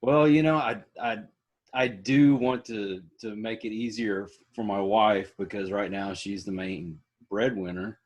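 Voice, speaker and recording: Husky, low-voiced man. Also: steady tone, measured pace. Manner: folksy, joking. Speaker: podcast host. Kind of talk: casual interview chat.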